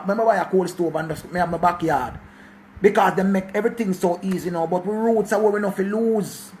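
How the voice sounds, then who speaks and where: A Jamaican man in his forties delivers a passionate, preachy monologue about life, mixing patois with English, repeating himself and swearing. His high-pitched voice is steady and brisk, with a little hiss or hum in the background.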